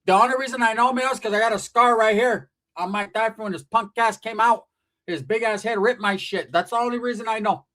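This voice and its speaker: A man in his forties from California telling a comedic story, profane and animated, acting out the people in it. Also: high voice, a little fast. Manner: profane, animated, acts out voices.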